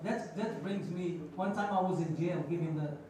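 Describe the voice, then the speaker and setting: A man's voice: fairly high pitch, normal speed, warm tone, slight background noise. A man giving a passionate Friday sermon, telling stories and mixing phrases into his talk. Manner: passionate, storytelling, mixes Arabic phrases. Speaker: preacher. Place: large mosque prayer hall. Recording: echoey hall, voice from far off.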